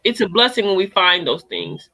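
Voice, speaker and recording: A woman's voice: medium pitch, expressive, moderate pace, pushed and bright. An older woman co-hosting a casual online talk show, joking and reading viewer comments aloud. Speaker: podcast co-host. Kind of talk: casual chat.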